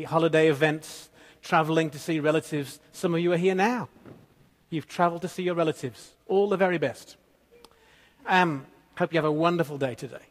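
A man preaching in a relaxed, conversational way, easing into his point through a gently funny story. His voice sits somewhat high for a man. A long reverb from the church hall trails after every phrase. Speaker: pastor. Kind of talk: sermon.

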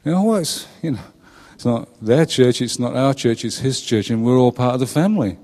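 A man's voice: medium pitch, expressive, brisk, mellow, in a large hall. A middle-aged man preaching a conversational sermon, often turning questions to his listeners. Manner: chatty, asks the congregation questions, laughs at his own jokes. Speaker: pastor. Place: church.

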